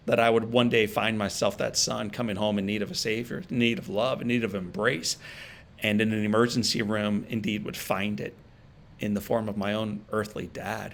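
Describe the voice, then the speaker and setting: A man giving an emotional inspirational keynote, telling a personal story with pauses and repeated phrases for emphasis. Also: lowish voice, creaky, a little hiss or hum. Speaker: motivational speaker. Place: virtual event stream.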